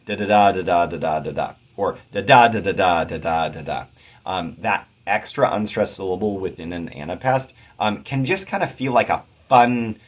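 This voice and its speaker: A man teaching poetry in a measured lecture, reading verse lines aloud and tapping out their rhythm with chanted "da-da" syllables. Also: low voice, breathy edge. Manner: thoughtful, measured explanation with occasional fillers. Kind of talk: explanatory lecture.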